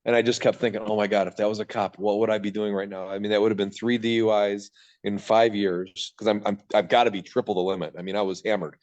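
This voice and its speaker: A man's voice: fairly low pitch, level tone, fast talker, darkish tone. A man in his thirties from Michigan, telling his own story as a podcast guest, rambling and cutting himself off as he acts out his old thoughts. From Michigan, USA. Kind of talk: candid storytelling in a podcast interview. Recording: dull lo-fi sound.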